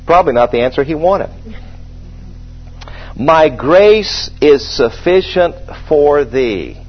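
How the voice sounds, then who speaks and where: A man preaching a sermon to a congregation, slowing down to press on each line of scripture. His voice is husky and sits at an everyday pitch. The recording sounds dull and lo-fi. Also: lively intonation, soft background music. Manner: conversational, asks the congregation questions, slows and stresses scripture. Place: church service with a congregation.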